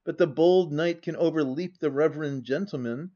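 A man playing a smooth, insinuating young gentleman who speaks quietly and measured, on a dull lo-fi audiobook recording. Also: a little high, natural voice. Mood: confident. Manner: quiet and measured, sometimes murmured.

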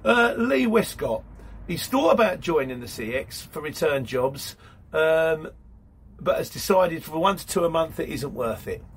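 He hosts a relaxed live stream, working through viewer comments out loud and answering them chattily, with plenty of "mate." The voice is a little high and a touch slow, swinging widely in pitch, with a breathy edge.

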